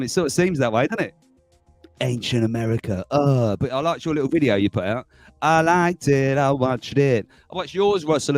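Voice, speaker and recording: In a dry recording, a middle-aged man with a mid-range voice hosts a casual livestream from his home. He rambles, chuckles often and greets chat viewers by name while faint music plays in the background.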